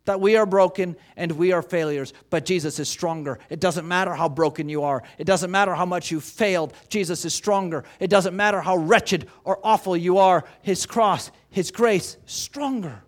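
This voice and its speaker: A man's voice: high voice, normal speed, hardly any pauses. A man preaching a sermon as pastor, emphatic, asking rhetorical questions and repeating key phrases.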